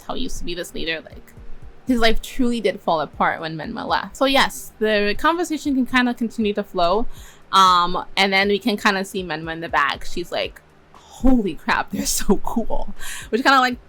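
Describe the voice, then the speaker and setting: A woman's voice: medium pitch, fairly bright tone, poor audio. A young woman casually retelling and reworking story scenes, chatty and laughing often as she acts out bits of dialogue. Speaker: story reviewer.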